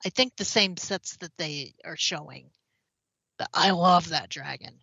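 A woman co-hosting a gaming podcast, reading news in casual chat, a little hoarse, with lots of ums. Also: lowish voice, a little slow, pushed and bright, no room sound. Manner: chatty, many ums, slightly hoarse. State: slightly hoarse. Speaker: podcast co-host. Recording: slightly dull, dry.

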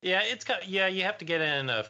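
Bright-toned man explaining things. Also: high-pitched, lively intonation, a little fast, lo-fi sound. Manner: explains patiently, easygoing. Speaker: podcast co-host. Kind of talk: casual chat.

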